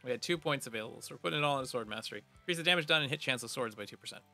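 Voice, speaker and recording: A man's voice: mid-range voice, very fast, vocal fry, bright, forceful tone, soft background music. A man giving casual, playful commentary while playing a game, reading its text aloud with jokey asides. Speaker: gaming video creator. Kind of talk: casual let's play commentary.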